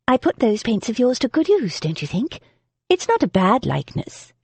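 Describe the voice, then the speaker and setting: A woman's voice: on the high side, big pitch swings, moderate pace, husky, dry recording, pitched above the performer's own voice, full character voice. A woman voicing a composed, defiant young heroine who speaks coolly and firmly. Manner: cool and firm, gentle.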